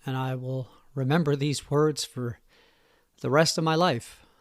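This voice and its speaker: A man in his forties tells his own story on a podcast, speaking in a somber, halting and emotional way. His voice sits at a middle pitch. The recording is dry and close, with no room sound. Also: fairly even intonation, no room sound. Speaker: podcast host. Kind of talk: personal storytelling monologue.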